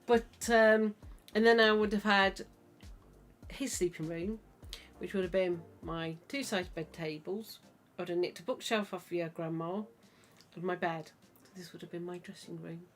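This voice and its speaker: A woman's voice: lowish voice, fairly even intonation, unhurried. A woman hosting a podcast, talking in a chatty, rambling way. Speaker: podcast host. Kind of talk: casual chat.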